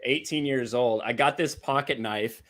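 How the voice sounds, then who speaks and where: Bright-voiced Midwestern American man. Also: medium pitch, normal speed. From Indiana, USA. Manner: blunt, swears freely. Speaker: livestream guest. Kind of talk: casual chat.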